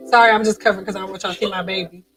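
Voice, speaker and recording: A woman's voice: mid-range voice, fairly even intonation, racing, a bit bright, soft background music. A woman hosting a casual live stream about hair, chatty, blunt and joking.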